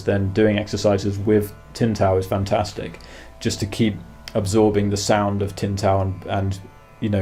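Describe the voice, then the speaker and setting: Calm low-voiced man teaching guitar. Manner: calm, explains while demonstrating, counts beats aloud. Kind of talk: masterclass instruction. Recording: faint guitar music behind. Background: guitar playing.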